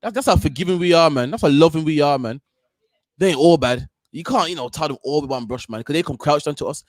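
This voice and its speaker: A man hosting a talk show, ranting and preaching fast, tagging "man" onto his lines. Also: on the high side, no echo, studio quality. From United Kingdom. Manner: ranting, repeats "man" at line ends, mimics others. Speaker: host. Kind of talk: heated street-corner preaching.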